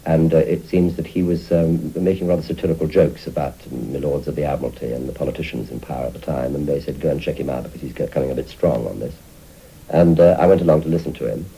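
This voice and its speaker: Very deep-voiced older man telling anecdotes. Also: fast, creaky, husky, poor audio. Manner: animated storyteller acting out voices. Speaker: interviewee. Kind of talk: anecdotal reminiscence.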